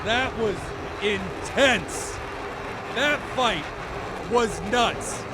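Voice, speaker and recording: High-pitched excitable male game commentator. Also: drawn-out words, very noisy. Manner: excitable, shouts at big moments, swears freely. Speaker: esports commentator. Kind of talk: live play-by-play commentary.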